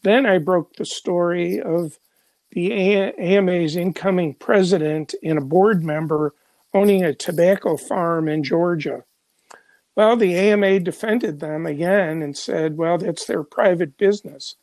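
Heard in a dry recording, the high-sitting, slightly mellow voice belongs to an older man from Chicago, a journalist guest. He tells stories in an unhurried, rambling way, full of fillers and restarts.

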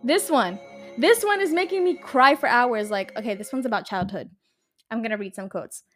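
Her voice is on the high side and moves at a normal speed, with faint music in the background. She's in her twenties, from the Los Angeles area, and hosts a casual solo podcast, rambling and chatty, swearing freely and saying "like" and "literally" a lot.

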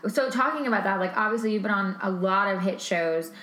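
A woman's voice: mid-range voice, a little fast, a bit bright, reverberant, poor audio. A woman host and stylist, chatty and enthusiastic in casual conversation.

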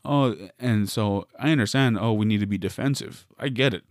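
Low-voiced man rambling in a dry room. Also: moderate pace, no echo. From US West Coast. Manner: meandering, self-interrupting, wry. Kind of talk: rambling solo comedic monologue.

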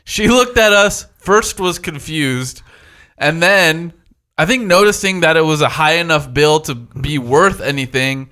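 A young man recounting a story in casual chat, animated and quick to jump in. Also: on the high side.

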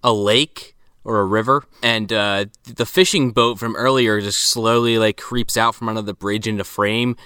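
A man jokes his way through a film discussion, sarcastic and swearing often. His voice is bright and crisp, with a lively pitch. The recording is dry and close. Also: normal speed, no echo. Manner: sarcastic, profane commentary. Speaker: podcast co-host. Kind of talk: casual movie discussion.

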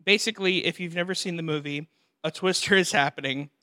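A young man hosts a casual podcast chat, with a bright tone pitched a little high. He tells stories with energy, acting out the voices of the people in them and laughing along. The sound is close and dry. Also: brisk, no echo. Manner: animated storyteller, acts out voices and laughs often. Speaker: podcast host.

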